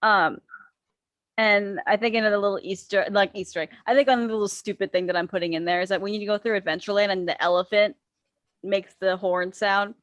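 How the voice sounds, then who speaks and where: A woman chatting casually on a podcast panel, giggling often, teasing the others and pitching ideas eagerly. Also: steady tone, fairly quick, no echo, dull audio. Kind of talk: casual chat.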